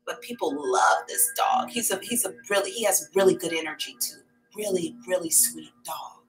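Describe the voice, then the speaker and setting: A woman's voice: on the low side, moderate pace, soft background music, poor audio. A middle-aged woman hosting a psychic livestream, chatting candidly and calling her viewers y'all. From America. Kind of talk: casual livestream chat.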